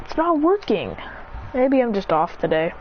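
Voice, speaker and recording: A woman's voice: fairly high pitch, sing-song, moderate pace, muffled recording, a little hiss or hum. A woman voicing a hot-tempered young man who has lost his fire powers, swearing in frustrated outbursts.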